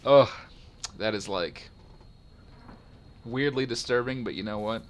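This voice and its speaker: A man's voice: mid-range voice, measured pace. A man casually playing and reading a story game aloud, joking as he goes. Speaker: gameplay streamer. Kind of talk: let's play commentary and reading.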